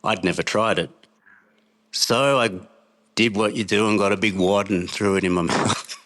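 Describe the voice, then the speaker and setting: A man's voice: fairly low pitch, moderate pace, fairly bright tone. A middle-aged Australian man, a podcast guest, telling a rambling travel story in a casual way and laughing often as he goes.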